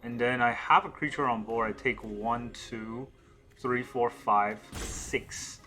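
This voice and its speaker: A man's voice: medium pitch, fairly even intonation, slow pace, pushed and bright, soft background music. A man thinking aloud as he plays a digital card game, counting cards and questioning his own moves. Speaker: gameplay streamer.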